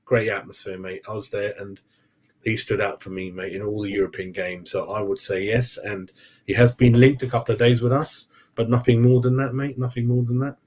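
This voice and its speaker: A man's voice: on the low side, flat delivery, a little fast, a little mellow. A man hosting a casual football fan live stream, rambling and chatty, calling viewers "mate" and forgetting names. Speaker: football fan channel host.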